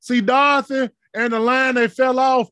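A man delivers a fervent sermon in an unusually high voice, climbing to shouted peaks and then dropping to murmured asides. His delivery is flat and his speed normal, with a clear, resonant tone. The recording is close and dry, with no echo or sense of a room.

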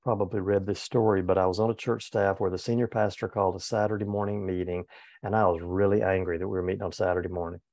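A man's voice: low-pitched, level tone, fast talker, darkish tone, dry recording. A man in his seventies, a former pastor, telling a personal story in an earnest, candid way with frequent restarts. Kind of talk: reflective personal storytelling in conversation.

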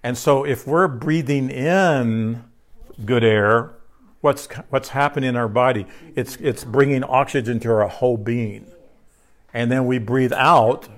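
A man's voice: medium pitch, unhurried. A man preaching a sermon in a conversational way, asking his listeners questions and repeating key phrases. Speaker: pastor.

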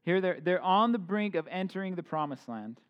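A man's voice: sits high, animated, moderate pace, clear, resonant tone, lo-fi sound. Casual joking man in his thirties preaching. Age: 30s. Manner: informal, joking asides, many fillers and restarts. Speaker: pastor. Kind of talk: casual conversational sermon.

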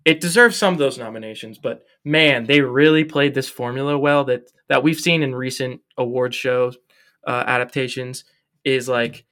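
Young male co-host, bright edgy voice, animated and jokey, casual chat. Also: mid-range voice. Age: young adult. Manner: animated, joking, lots of fillers. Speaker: podcast co-host. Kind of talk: casual film review chat.

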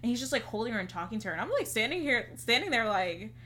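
A woman's voice: on the high side, sing-song, fast talker, pushed and bright, slight background noise. A young woman co-hosting a podcast, telling a long story in casual chat, saying "like" a lot and acting out what people said. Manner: chatty, heavy use of "like", acts out quotes. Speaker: podcast co-host.

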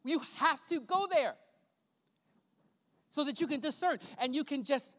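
A male pastor preaching a sermon, swinging between loud emphatic preaching and hushed, prayerful murmurs. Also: very high-pitched, lively intonation, a little slow, long pauses. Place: church sanctuary. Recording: long church hall reverb.

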